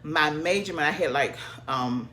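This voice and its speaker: Woman, low voice, animated casual storytelling, faint hiss. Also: normal speed. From American South. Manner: animated, chatty, addresses viewers as y'all. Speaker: vlogger.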